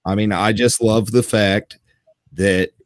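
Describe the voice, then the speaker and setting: A man hosting a podcast, chatting casually with teasing quick asides. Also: on the low side, fairly even intonation, dry recording, studio quality. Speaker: podcast host. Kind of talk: casual chat.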